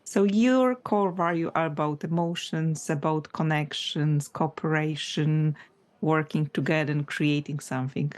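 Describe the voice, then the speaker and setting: Low-voiced woman thinking aloud on a podcast. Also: a little slow, darkish tone. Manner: thinks aloud, restarts and apologizes, laughs at herself. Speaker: podcast co-host. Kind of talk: casual business podcast chat.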